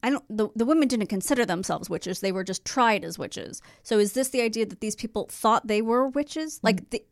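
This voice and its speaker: Woman cohost, bit high voice, bouncy and animated, quick jokey replies, dry sound. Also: no room sound. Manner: quick reactions, playful jokes. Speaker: podcast co-host. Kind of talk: casual chat.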